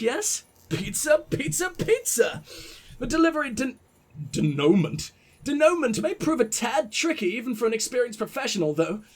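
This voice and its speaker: A man voicing a pompous, posh gentleman who reads out a florid, theatrical letter. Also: very high-pitched, full character voice. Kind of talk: letter read aloud in a put-on voice.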